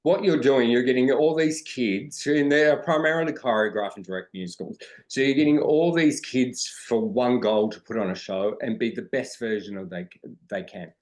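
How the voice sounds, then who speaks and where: A man's voice: mid-range voice, moderate pace, few pauses, darkish tone. A middle-aged Australian man, a drag performer and dance teacher, telling earnest stories as a podcast guest. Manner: earnest storytelling, acting out quoted dialogue. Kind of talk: conversational podcast interview.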